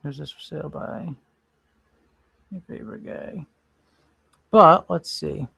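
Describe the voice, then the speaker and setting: Male stream host, slightly high voice, rambling casual chat. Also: takes it slowly, creaky, pushed and bright, slightly rough, dry recording. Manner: rambling, thinks aloud while browsing. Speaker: livestream host.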